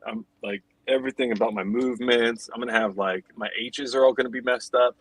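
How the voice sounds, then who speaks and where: A man co-hosting a casual stream, with a husky, slightly rough voice. The recording is dry and close. He rambles and jokes, often restarting his sentences. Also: medium pitch, fairly even intonation, brisk, dry recording, rough recording. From United States. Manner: joking, rambling, self-interrupting. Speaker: co-host. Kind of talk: casual livestream chat.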